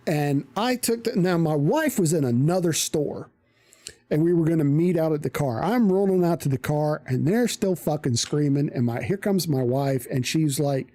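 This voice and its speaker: Dark-voiced, profane live streamer. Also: medium pitch, moderate pace, no room sound. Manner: profane, animated storyteller. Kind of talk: casual storytelling on a live stream.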